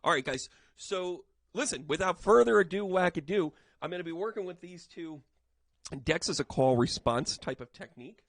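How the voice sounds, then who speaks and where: Male medium, chatty tarot livestream host, slightly high voice, dry close sound, animated and jokey. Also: normal speed, dry recording. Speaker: psychic medium and tarot reader. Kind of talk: casual tarot reading livestream.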